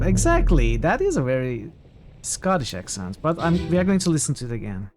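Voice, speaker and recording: A game streamer talking casually over play, with a mid-pitched voice that moves lively up and down. The talk wanders between working out clues aloud and replying to chat, with soft game music faint behind. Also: a little fast. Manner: chatty, thinks aloud and answers chat. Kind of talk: casual gameplay commentary.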